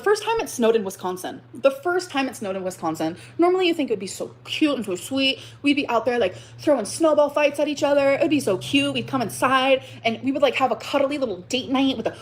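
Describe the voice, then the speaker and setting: On a livestream, a woman vents about being hurt, her high, animated voice moving a little fast with few pauses. She swears often, repeats lines with exaggerated drama, and sounds aggrieved, rising to outbursts. A little hiss or hum sits under the audio.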